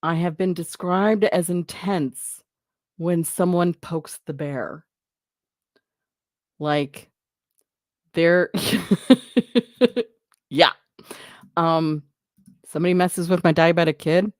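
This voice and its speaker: A woman hosts a live stream in a relaxed, rambling chat, reading out viewer comments and answering them. She often stops herself mid-sentence and laughs between thoughts. Her voice sits fairly low and sounds dry and close. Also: very slow, long pauses, dry recording.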